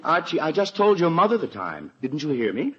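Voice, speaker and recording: A man's voice: on the high side, very animated, fairly quick, background noise. An actor playing a flustered, easily exasperated middle-aged father in a 1940s radio comedy, stammering and blustering, on a dull old radio recording.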